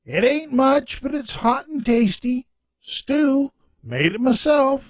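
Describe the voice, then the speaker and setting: A kindly, folksy old man who runs a gas station, as a storyteller puts him on. He talks in a homespun drawl, his voice raised high. The recording is dull and lo-fi. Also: expressive, slow, no echo, exaggerated voice. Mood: warm.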